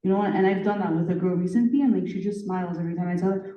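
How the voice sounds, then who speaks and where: Brief: woman panelist, teacher, earnest and chatty, lower voice, echoey distant room. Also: steady tone, very fast, muffled recording. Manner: earnest advice, many "like" fillers. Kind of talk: conversational panel talk.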